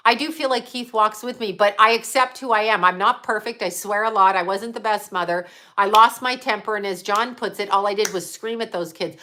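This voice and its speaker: A woman's voice: medium pitch, brisk, hardly any pauses, sharp tone, a little hiss or hum. A middle-aged woman, a psychic medium, talking off the cuff to her viewers in a blunt, emphatic way, swearing freely. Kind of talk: casual livestream monologue.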